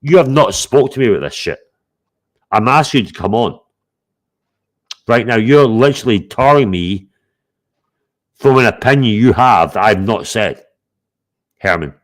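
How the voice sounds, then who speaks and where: A man's voice: on the low side, expressive, normal speed, pauses often. A man hosting a live stream, talking bluntly and confrontationally, swearing a lot. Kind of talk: heated live stream chat.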